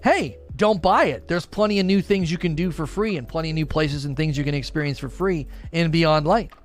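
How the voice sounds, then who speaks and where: A man's voice: fairly high pitch, fairly quick, soft background music. A man in his thirties casually hosting a live stream Q and A, reading viewer messages aloud and joking about himself. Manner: chatty, self-deprecating, reads chat aloud.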